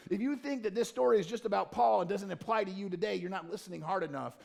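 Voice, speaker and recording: A man preaching a sermon as pastor, swinging between loud emphatic lines and low, quiet, intimate ones. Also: quick pace, vocal fry, hardly any pauses. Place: church stage or studio.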